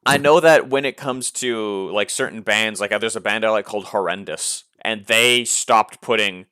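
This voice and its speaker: A man's voice: lowish voice, moderate pace, smooth, no echo, clean studio sound. A man hosting a podcast, chatting casually about music with lots of fillers. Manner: relaxed, many fillers, enthusiastic about music. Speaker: podcast host.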